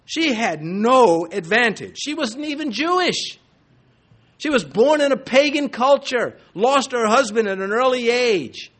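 Middle-aged pastor, animated sermon delivery, high, swooping voice. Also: male voice, a little slow. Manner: animated preaching with jokes and asides.

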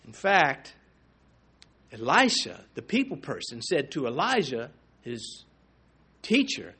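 A man preaching a sermon, emphatic and swinging between loud declarations and hushed asides. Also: medium pitch, wildly swooping pitch, slow pace, husky. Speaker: pastor.

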